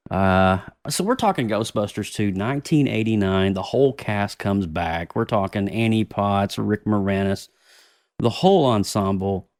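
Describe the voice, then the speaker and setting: A man's voice: lowish voice, moderate pace, no echo, studio quality. A man in his thirties hosting a podcast, chatting casually and laughing with his co-hosts as he leads the show. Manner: animated, laughing, swearing banter. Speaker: podcast host. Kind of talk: casual chat.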